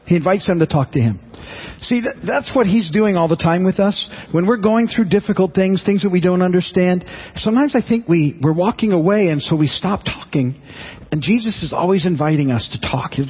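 A man's voice: high voice, lively intonation, brisk, breathy edge, muffled recording. A man preaching a sermon in an earnest, conversational way, often restarting and repeating his words. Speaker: pastor.

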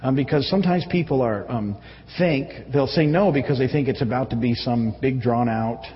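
Male pastor, casual halting sermon, lots of ums and restarts, long reverb, muffled lo-fi sound. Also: medium pitch, a little hiss or hum. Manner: conversational, halting, with many fillers and restarts. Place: church. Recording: echoey hall, dull audio.

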